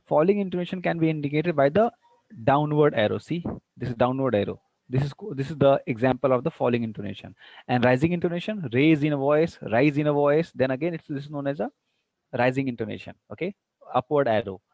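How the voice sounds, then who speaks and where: A man's voice: medium pitch, expressive, quick pace, gravelly, darkish tone, no room sound, muffled recording. A man with an Indian English accent teaching an English class online. He explains patiently and acts out each example sentence with exaggerated rises and falls, slipping into Hindi now and then. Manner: slips into Hindi asides.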